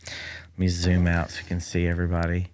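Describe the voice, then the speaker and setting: This podcast host has a deep, darkish voice and a completely flat delivery, talking fairly quickly. Solo in a library room, he rambles dryly through a casual comedic monologue full of fillers, recorded on a studio mic that picks up the space.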